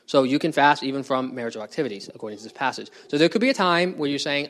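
A man's voice: mid-range voice, expressive, racing, few pauses, fairly bright tone. A man leading a bible study, explaining a passage in a conversational way and putting questions to his group. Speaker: bible teacher.

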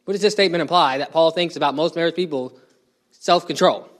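A man's voice: fairly high pitch, quick pace. A man leading a bible study, explaining a passage in a conversational way and putting questions to his group. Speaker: bible teacher.

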